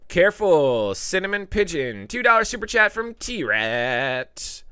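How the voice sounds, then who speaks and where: A man chats casually on a live stream, reading out viewer comments and giving tips. His voice is bright and clear, and it swings widely up and down in pitch. He breaks into loud, playful outbursts. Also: big pitch swings, slow pace, dry recording, clean studio sound. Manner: reads viewer comments aloud and gives tips. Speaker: live stream host answering chat.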